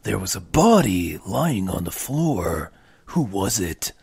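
Man putting on a gravelly brooding game hero. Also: sits low, sing-song, a little mellow, no room sound, pitched below the performer's own voice, full character voice. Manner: slow brooding read-aloud. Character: dazed male game protagonist recalling the past, grim. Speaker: reading game narration aloud.

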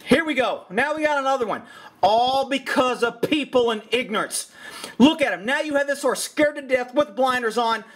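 A man's voice: very high-pitched, animated, moderate pace, a bit bright. A man giving blunt, exasperated commentary over a video, swearing often. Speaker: horse trainer and commentator.

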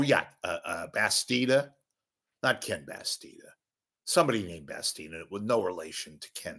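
With a medium-pitched, fairly bright voice, a middle-aged man from the San Francisco Bay Area hosts his podcast. He delivers ranting media commentary that is sneering and full of profanity.

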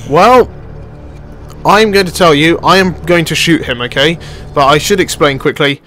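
A man's voice: fairly high pitch, moderate pace, soft background music. A man giving live gameplay commentary, exclaiming and swearing at what happens on screen. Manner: excitable, exclaiming and swearing at the game. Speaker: video game commentator.

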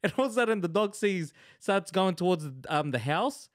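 Aussie guy spinning a yarn, bit higher voice, lots of "right?". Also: normal speed, dry recording, studio quality. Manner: animated anecdotes full of "right?". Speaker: podcast co-host. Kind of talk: casual chat, storytelling.

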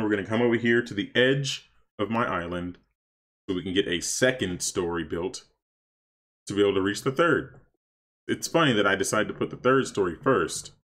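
A man casually commenting on his gameplay for stream viewers, chatty and excitable, talking to his chat. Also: on the low side. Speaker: streamer playing a life-sim game.

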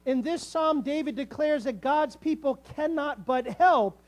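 High-voiced male pastor preaching emphatically. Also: measured pace. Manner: preaching with rising, emphatic calls to the congregation. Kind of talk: sermon.

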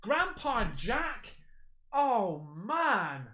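A man hosting an excited unboxing chat, excitable, with loud exclamations, calling everyone mate. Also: very high-pitched, extremely slow. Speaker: paranormal YouTuber.

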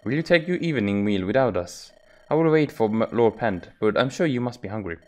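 A man voicing a gentle, earnest young noblewoman who talks courteously with small hesitations. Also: medium pitch, expressive, a little fast, close to an everyday voice. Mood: polite.

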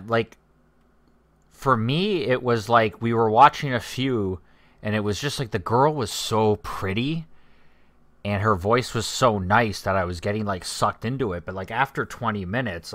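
Man, podcast host, very deep voice, unhurried, rambling casual chat. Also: fairly bright tone, no room sound. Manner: rambling, filler-heavy storytelling.

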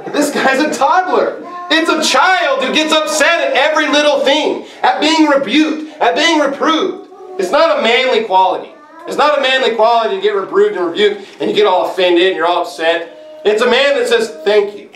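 A man preaching a sermon with force, sometimes shouting and mimicking others. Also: very high voice, a little fast, reverberant, distant mic, a little hiss or hum, low-quality recording. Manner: forceful, rising to shouts and mocking impressions. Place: church sanctuary.

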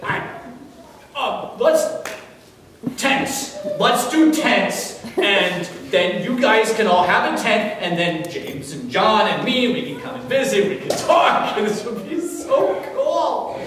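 A male pastor acting out a flustered, excited male disciple who stammers and gushes. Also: high-pitched, takes it slowly, a crowd in the background, heavily acted. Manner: stammering, gushing. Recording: echoey church from far off.

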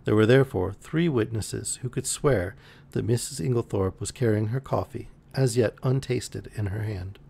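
A man with a low, gravelly, somewhat husky voice reads a novel aloud for a live stream. He keeps an easy, relaxed pace and now and then trips over a word and restarts. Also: moderate pace. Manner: relaxed, with occasional slips and restarts. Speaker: audiobook reader on a live stream. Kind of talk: reading a novel aloud, voicing characters lightly.

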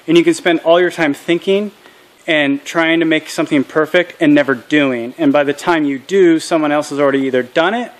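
A man's voice: on the high side, fairly quick. An earnest man hosting a casual vlog outdoors, talking candidly and peppering his talk with acronyms. His voice sits a touch above the usual male range. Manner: earnest and candid, drops acronyms and military jargon. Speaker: channel host. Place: outdoors at a small farm processing setup.

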